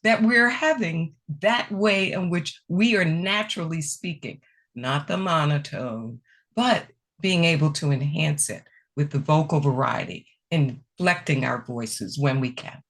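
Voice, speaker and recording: A woman presenting a speaking workshop, answering questions in a conversational, emphatic way over a video call. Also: measured pace. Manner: conversational, animated pitch, repeats key phrases.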